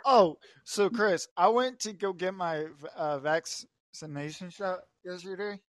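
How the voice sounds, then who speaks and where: A man hosting a casual sports podcast, telling stories in an animated way and laughing often. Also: high voice, measured pace. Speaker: podcast host. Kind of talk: casual chat.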